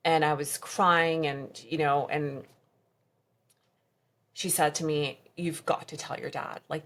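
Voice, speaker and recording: Low-voiced woman telling a painful story. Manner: quotes others in her story, voice drops low and soft at hard moments. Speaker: podcast guest. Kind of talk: emotional personal storytelling.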